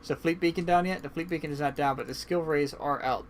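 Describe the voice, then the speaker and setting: Man, esports caster, casual play-by-play, slightly high voice, faint background hum. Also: fast talker. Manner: casual, chatty, swings to excited outbursts. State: yawning, tired. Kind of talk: play-by-play game commentary.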